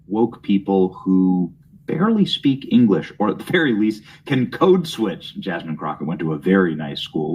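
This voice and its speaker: Deep-voiced man doing snide political commentary. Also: slightly rough, rough recording. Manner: mocking, snide asides while reading news.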